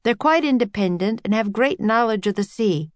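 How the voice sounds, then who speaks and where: A woman voices Henry, a polite, earnest young male sailor, pitching above her own natural-sounding medium voice. Her intonation is lively at a moderate pace, in a dry recording.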